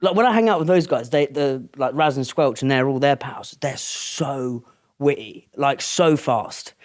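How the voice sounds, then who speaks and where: A man's voice: medium pitch, unhurried. A man hosting a podcast, telling stories in a rambling, casual way, swearing freely and restarting his sentences often. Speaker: podcast host.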